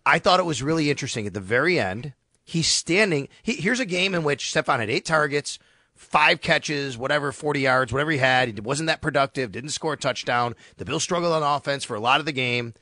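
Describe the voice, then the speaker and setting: Sports radio talker, male, crisp bright tone, animated storyteller, close dry mic. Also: on the high side, fairly quick, dry recording. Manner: animated, storytelling with quoted asides. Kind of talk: casual sports radio chat.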